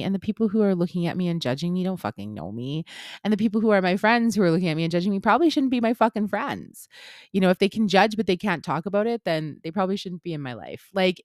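A woman's voice: sits low, no echo, clean studio sound. A woman in her thirties hosting a solo podcast, talking bluntly with plenty of swearing as she gives an impassioned pep talk. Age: 30s. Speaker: podcast host.

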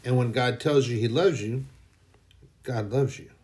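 A man's voice: mid-range voice, a little slow, darkish tone. A man preaching an informal sermon in a folksy, emphatic way, now and then mocking people in a put-on voice.

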